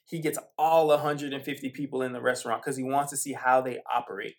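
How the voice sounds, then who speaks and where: A man hosts a sports podcast, delivering a casual, rambling commentary monologue that's conversational and full of fillers and asides. He talks fast in a mid-range, steady voice.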